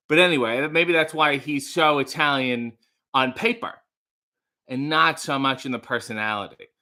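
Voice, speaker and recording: A man's voice: mid-range voice, bright, forceful tone. A young man hosting a casual livestream, rambling playfully with sarcastic asides while reading out chat messages. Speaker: livestream host.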